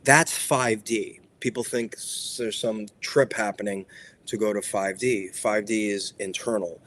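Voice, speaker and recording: Guy with a lowish voice doing a preachy spiritual pep talk, keeps hammering the same lines. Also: fairly even intonation, unhurried, fairly bright tone, a little hiss or hum. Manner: emphatic and repetitive, preacherly insistence. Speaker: spiritual speaker and show host.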